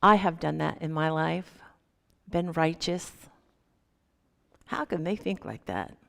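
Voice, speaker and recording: A woman's voice: sits low, slow pace, gravelly. A woman minister giving a sermon, telling stories animatedly and acting out the voices in them. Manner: animated, acts out quoted voices in her stories. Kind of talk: sermon with storytelling. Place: church sanctuary. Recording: long hall reverb.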